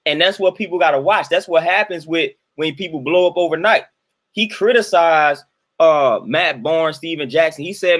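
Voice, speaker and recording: A man's voice: a little high, normal speed, fairly bright tone. A man, commenting in a casual monologue and preaching his point through repetition.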